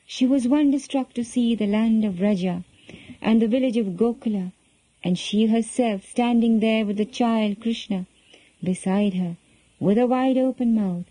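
A woman reading a children's story aloud in a gentle, expressive storytelling manner. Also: fairly high pitch, unhurried, no echo, low-quality recording.

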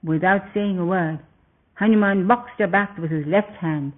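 A man narrating a story in a steady, descriptive reading with occasional slips, over a tinny phone-like recording. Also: high-pitched, normal speed.

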